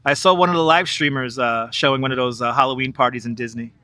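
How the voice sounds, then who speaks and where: A man's voice: medium pitch, fairly even intonation, fast talker, background noise. A man hosting a live stream outdoors, joking, laughing a lot and chatting to viewers on a wireless clip-on mic. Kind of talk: live-stream walking commentary. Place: outdoors in Manhattan by the river.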